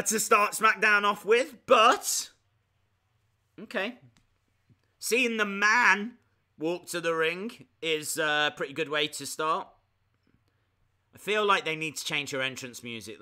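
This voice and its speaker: Bright, crisp high-voiced man reacting. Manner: chatty, excitable, jokey asides. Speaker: live reaction streamer. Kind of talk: casual live commentary.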